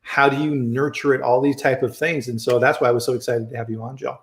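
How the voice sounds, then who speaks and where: A man's voice: mid-range voice, little pitch movement, fast, reverberant. A man hosting a casual live-stream chat on a video call, friendly and chatty, often restarting his sentences. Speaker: host.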